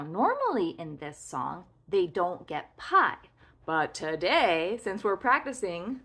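A woman's voice: a little high, a bit bright. A woman teaching toddlers to talk, in an exaggerated sing-song way that stresses each sound. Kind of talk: children's speech lesson.

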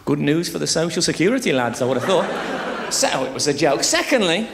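A man's voice: on the high side, sing-song, brisk, vocal fry, noisy background. A man in his thirties doing a crude, chatty live stand-up routine on a theatre stage, teasing the audience. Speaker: stand-up comedian. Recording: live show with audience laughter.

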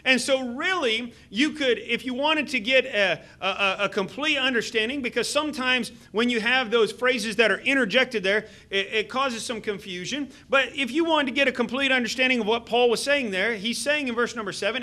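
High-voiced, bright-toned preaching man. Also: normal speed, hardly any pauses. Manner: earnest preaching with many fillers and restarts. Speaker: pastor. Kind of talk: sermon. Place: church sanctuary. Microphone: handheld microphone.

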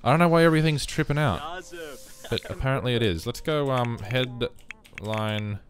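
A man casually commenting on his life-simulation game, rambling and breaking into sudden excited outbursts. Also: medium pitch, normal speed, crowd noise. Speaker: let's play host.

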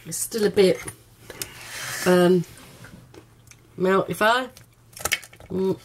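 A middle-aged woman talks through a home baking video in an unhurried, chatty way. She laughs often, at a slow pace, over a faint background hiss. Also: lowish voice, darkish tone. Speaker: cooking vlog host. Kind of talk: casual home baking chat.

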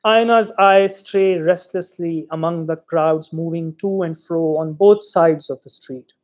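A man reading a short story aloud in an expressive, theatrical way. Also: sits high. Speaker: reader.

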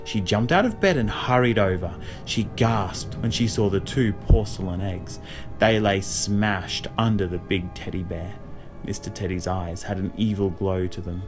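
A man reading a spooky children's story aloud as narrator, expressive with dramatic pauses. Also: on the low side, over music. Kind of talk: audiobook reading.

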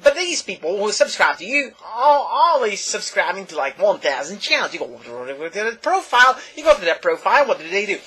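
A drunk man ranting loudly and profanely in a casual video chat. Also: high-pitched, big pitch swings, a little fast, few pauses, slightly rough. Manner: loud, emphatic, profane. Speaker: video blogger.

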